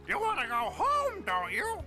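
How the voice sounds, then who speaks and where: An actress voicing a clever little cartoon animal who strikes deals, sly and persuasive. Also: female voice, very high-pitched, huge pitch swings, measured pace, music in the background, heavily acted. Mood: coaxing. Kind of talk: cartoon voice acting.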